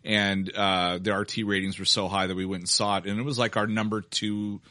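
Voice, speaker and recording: A man's voice: lowish voice, little pitch movement, a little fast, pushed and bright, no room sound. A man hosting a podcast, joking and laughing often in a casual movie review chat. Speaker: podcast host.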